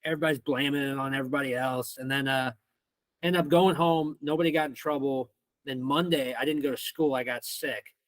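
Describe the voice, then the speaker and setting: A young man from Missouri telling a rowdy school story as a podcast guest, animated and swearing freely. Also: medium pitch, fairly quick, no echo. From Missouri, United States. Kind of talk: casual storytelling.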